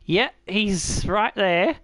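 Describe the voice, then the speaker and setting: Speaking extremely slowly in a high voice with no echo, a gaming channel host gives casual commentary on a football video game match he's playing himself. He gets excitable, laughs a lot, and doesn't hold back on swearing.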